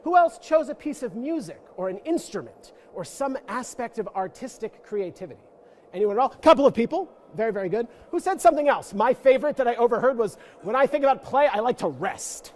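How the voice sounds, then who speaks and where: A man's voice: extremely high pitch, sing-song, a little fast, darkish tone, a little hiss or hum. A man giving an interactive lecture to a church audience, playful and self-mocking, with joking asides. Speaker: guest lecturer. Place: church forum room.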